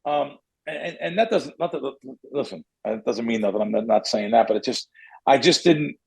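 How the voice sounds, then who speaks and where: A man's voice: mid-range voice, normal speed, vocal fry, husky, low-quality recording. A middle-aged man hosting a podcast, telling a long story in a rambling way, often correcting himself as he goes. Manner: rambling, self-correcting, animated. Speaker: podcast host. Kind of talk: casual storytelling.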